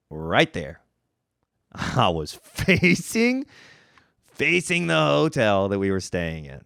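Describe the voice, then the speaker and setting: A man hosting a podcast, telling a story in a casual, self-mocking way and jumping up in pitch for emphasis. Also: fairly bright tone, clean tone, dry recording, clean studio sound. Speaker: podcast host.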